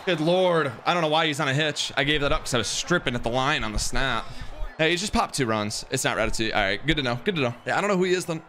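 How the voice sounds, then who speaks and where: A young male streamer talks over his game, bright and forward in tone, a little higher than most men. He chats with viewers and gets loud and excitable at bad plays. A faint hiss runs under the voice. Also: fast talker. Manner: excitable, yelling in frustration, chatting with stream viewers. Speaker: gaming streamer. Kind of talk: live game commentary while playing.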